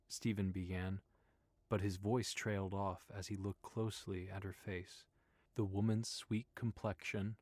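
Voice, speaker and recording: A man narrating an audiobook in a steady, even storytelling manner. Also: lowish voice, no echo.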